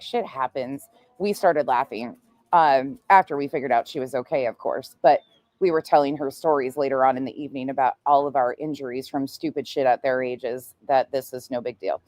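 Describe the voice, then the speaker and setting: A woman's voice: low-pitched, dry recording. A woman in her forties, a true crime streamer, telling stories in casual, blunt and profane livestream chat. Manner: blunt and profane, animated storytelling.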